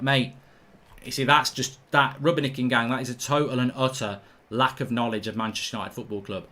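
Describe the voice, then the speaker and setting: A man, hosting a live football watchalong, reading viewer chat and arguing back in an animated, ranting way. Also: mid-range voice, brisk. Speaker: livestream host.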